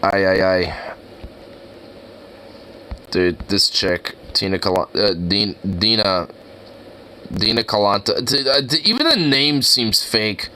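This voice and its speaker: A young man doing casual reaction commentary, incredulous and excitable, who swears a lot and trips over his words. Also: fairly low pitch, slow, pauses often, a little hiss or hum. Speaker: reaction video host.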